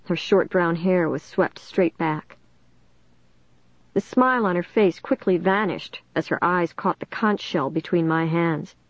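A woman reading a first-person audiobook in a steady, measured way. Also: on the low side, no echo, dull audio. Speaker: audiobook narrator.

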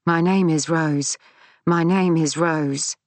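A woman's voice: fairly low pitch, lively intonation, measured pace, a little mellow, no room sound, pitched above the performer's own voice. A woman reading the part of a frightened, confused elderly woman who repeats herself, in a storybook reading. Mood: insistent.

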